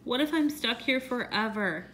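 A woman voicing a grumpy young girl animal in a storybook read-aloud, talking in a stroppy, shouty way. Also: a little high, animated, moderate pace, background noise, natural voice.

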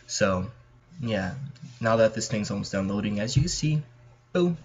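A man's voice: fairly low pitch, lively intonation, moderate pace, noisy background. A young man with a Californian accent, chatting nervously to viewers as he plays through a horror game. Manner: jittery, chatty, talks to viewers. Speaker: gaming channel host. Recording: dull lo-fi mic.

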